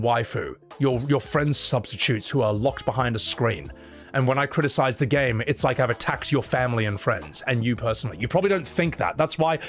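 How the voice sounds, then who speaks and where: A male streamer at an average pitch chats loosely with his audience and reads out donations. He slides into profane, opinionated rants about films and games. Faint music plays behind him. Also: a bit bright. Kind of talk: livestream chat reading donations.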